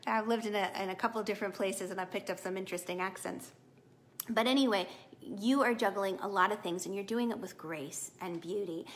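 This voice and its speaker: A woman's voice: mid-range voice, fairly quick. A middle-aged woman giving a casual live tarot reading to viewers, chatty and encouraging. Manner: warm, chatty, encouraging, animated with laughs. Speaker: tarot reader.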